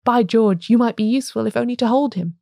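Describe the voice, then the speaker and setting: A woman's voice: a little high, fast talker, creaky, darkish tone, dry recording, studio quality. A woman reading a storybook, voicing a friendly male police inspector. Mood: amiable. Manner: friendly, easygoing.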